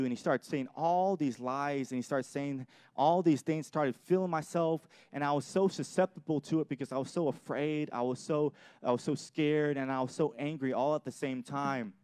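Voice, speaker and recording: A man's voice: mid-range voice, fairly even intonation, brisk, darkish tone, no room sound, clean studio sound. A young adult man pastor giving an earnest sermon with personal testimony, often repeating and restarting his phrases. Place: church.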